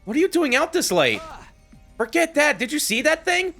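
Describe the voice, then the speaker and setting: A man's voice: very high-pitched, big pitch swings, normal speed, pushed and bright, faint music behind, voice pushed up, heavily acted. A man voicing an alarmed teenage boy hero, asking urgent questions in a game read-aloud.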